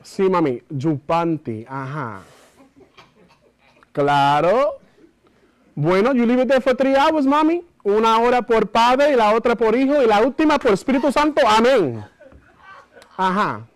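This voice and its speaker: A man's voice: extremely high pitch, very animated, normal speed, long pauses, voice pushed up. A man performing a bossy phone spiritual adviser in a solo theater monologue, with a brassy code-switching manner. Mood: bossy, confiding. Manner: brassy code-switching between Spanish and English, calling everyone mami.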